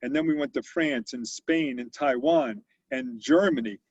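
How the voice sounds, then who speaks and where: A man's voice: medium pitch, moderate pace, breathy edge, no room sound, muffled recording. An older man who founded a company tells stories as a guest in an interview and acts out the quotes with animation. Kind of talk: storytelling interview.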